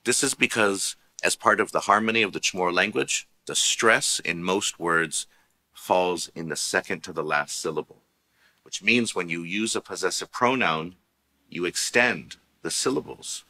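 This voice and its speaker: A man teaching a language lesson, explaining grammar patiently and clearly. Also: deep voice, moderate pace, sharp tone.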